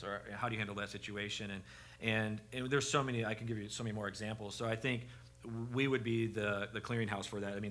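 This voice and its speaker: A man on a church parenting panel, telling a story with a self-deprecating, halting delivery full of restarts. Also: on the low side, a bit bright.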